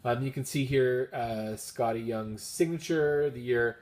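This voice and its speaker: A man's voice: mid-range voice, unhurried, a little mellow. A man with a Canadian accent, chatting casually and upbeat at home as he shows off his comic haul, wandering into rambling asides. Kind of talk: casual chat.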